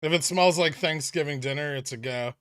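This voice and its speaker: On a stock trading livestream, the male host chats casually in a fairly high, bright, forceful voice at a slightly fast pace. He rambles loosely with filler words and dry, sarcastic jokes, recorded close and dry with no room echo.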